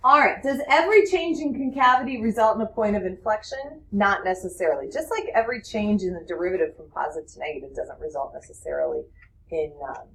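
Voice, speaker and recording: Lively woman teaching a math class. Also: medium pitch, quick pace, a little hiss or hum, poor audio. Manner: lively, explains with questions to the class. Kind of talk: classroom lecture.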